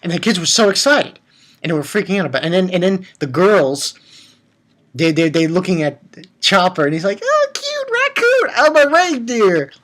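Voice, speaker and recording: Excitable rambling male anime reviewer. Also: a little fast. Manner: rambling and excitable, swings into high squeals. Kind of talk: casual episode review.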